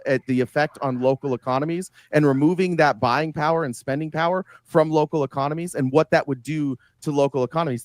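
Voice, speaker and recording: A man in a heated online debate, halting at first and then quick and combative, speaking into a home computer mic on a voice call. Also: on the high side, no echo. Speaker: debate participant.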